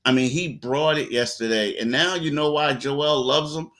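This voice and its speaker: A man co-hosting a sports talk show, telling stories in a loose, animated way with lots of quoted asides. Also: medium pitch, moderate pace.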